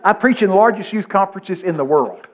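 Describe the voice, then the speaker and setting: A preacher in his seventies delivers a folksy sermon, weaving scripture into lively stories. His voice sits somewhat high for a man. The recording is dull and lo-fi. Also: fairly quick. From Texas. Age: 70s. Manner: folksy, animated storytelling with scripture quotes.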